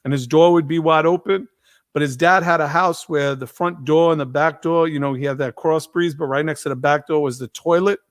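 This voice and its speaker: A man hosting a live stream, telling stories in a casual, profane, animated way. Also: on the high side, fairly quick, dry recording, studio quality. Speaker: host.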